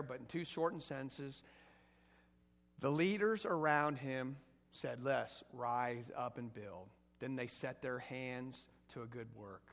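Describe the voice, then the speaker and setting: A man's voice: medium pitch, a bit bright. A man preaching a conversational sermon as pastor, asking the congregation questions and rising to emphatic peaks. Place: church sanctuary. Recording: echoey hall.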